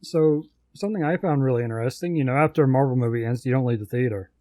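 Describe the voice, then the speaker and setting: A man co-hosting a podcast, chatting in a relaxed way about films. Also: mid-range voice, quick pace, no echo, studio quality. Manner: relaxed, many short agreeing replies. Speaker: podcast co-host. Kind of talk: casual film discussion.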